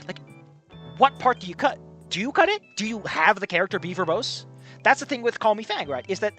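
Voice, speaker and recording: A man reads a story aloud and talks over it in a loose, rambling way, cursing freely. His voice sits a little high and swings up and down a lot. His tone is bright and forceful. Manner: swears freely, rambles, breaks off mid-thought. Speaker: fan fiction reader and commentator. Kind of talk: casual reading aloud with commentary.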